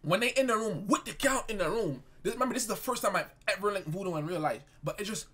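A man's voice: sits high, animated, fast talker, a bit bright, husky. A young man streamer telling a story in casual slang, often bursting into laughter. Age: young adult. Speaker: live streamer.

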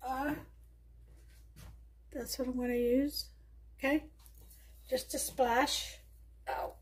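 A woman's voice: high voice, fairly even intonation, slow, slightly rough. A woman with a New York accent hosting a casual cooking demonstration in her home kitchen, chatting and thinking aloud with many fillers. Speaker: home cook host.

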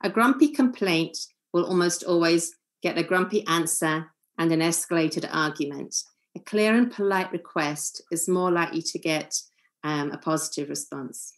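A woman giving a calm, earnest seminar lecture as a family therapist, acting out short example lines. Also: on the low side, moderate pace.

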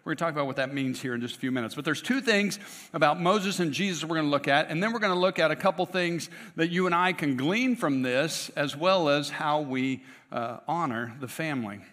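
A man's voice: on the high side, brisk, a bit bright. A man preaching a conversational sermon, with frequent restarts and asides to the congregation. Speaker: pastor. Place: church sanctuary. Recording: long church reverb.

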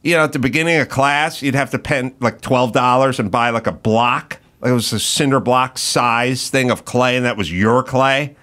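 A man's voice: mid-range voice, moderate pace, hardly any pauses, fairly bright tone. A middle-aged man hosting a podcast, telling rambling, profane stories with mock outrage in a casual chat. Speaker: podcast host.

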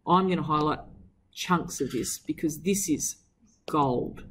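A woman teacher reads from a novel and analyses it with enthusiasm, swinging her emphasis up and down. Her voice sits on the low side, and she keeps asking her students questions. Faint noise runs behind her. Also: unhurried. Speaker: English teacher. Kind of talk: reading aloud and literary analysis.

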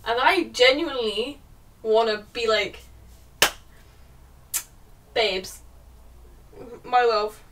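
Sweary girl ranting about a book, bright tense voice, bit far from the mic. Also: fairly high pitch, drawn-out words, pauses often, a little hiss or hum. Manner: exasperated, sweary, sarcastic. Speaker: book reviewer. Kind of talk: ranting book review vlog.

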